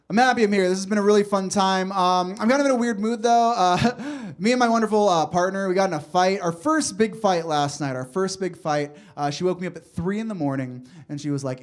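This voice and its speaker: Guy doing stand-up in a comedy club, kinda high voice, laid back and chatty with the crowd. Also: quick pace, hardly any pauses. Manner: loose, chatty crowd work with frequent laughs. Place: comedy club stage before a live audience.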